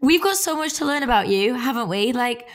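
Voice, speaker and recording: Gushing woman, somewhat high voice. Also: expressive. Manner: gushing and chatty, quick to gasp and laugh. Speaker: podcast co-host. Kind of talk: casual podcast chat.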